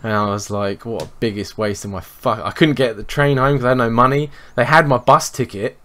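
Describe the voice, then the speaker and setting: A young man, co-hosting a podcast and telling sweary, animated anecdotes in casual chat. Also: mid-range voice, a little fast. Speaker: podcast co-host.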